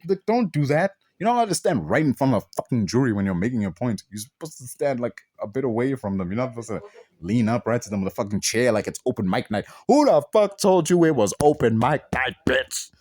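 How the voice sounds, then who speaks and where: A man's voice: mid-range voice, lively intonation, fast talker, a little mellow, dry recording, studio quality. A man ranting through a film review, exasperated and swearing heavily, firing off rhetorical questions. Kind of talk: profane ranting movie review.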